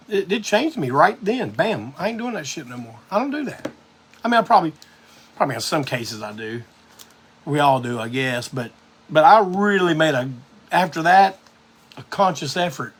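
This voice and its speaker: A man's voice: a little high, husky. A man hosting a live music show, telling a rambling, profane story in a casual monologue.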